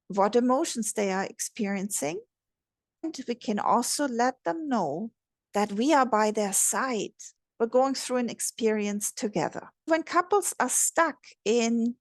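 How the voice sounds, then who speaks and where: A woman relationship coach giving a gentle, measured instructional talk. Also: fairly high pitch, no room sound, clean studio sound. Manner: gentle, measured, modelling empathetic phrases.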